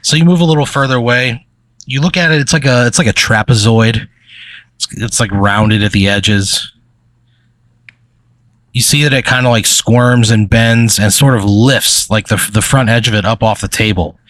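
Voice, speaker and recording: A man's voice: mid-range voice, moderate pace, fairly bright tone, no room sound. A man narrating a tabletop game as game master, rambling with many fillers. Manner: rambling, filler-heavy storytelling.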